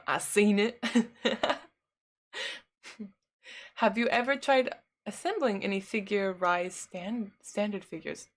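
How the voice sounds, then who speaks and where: A woman's voice: medium pitch, fairly bright tone. Rambling, laughing woman streamer. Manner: rambling, filler-heavy, laughs often. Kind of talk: casual chat answering live chat.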